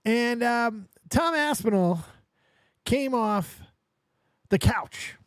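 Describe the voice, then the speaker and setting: High-voiced excitable stream host. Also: male voice, extremely slow, clear, resonant tone, no echo, clean studio sound. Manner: chatty, excitable, laughs at clips. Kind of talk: casual live-stream commentary.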